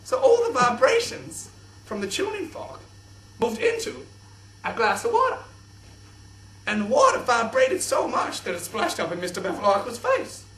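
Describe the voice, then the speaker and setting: A young man presenting a kids' science show in an exaggerated, excitable host voice. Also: very high-pitched, normal speed. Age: young adult. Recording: echoey room, distant mic.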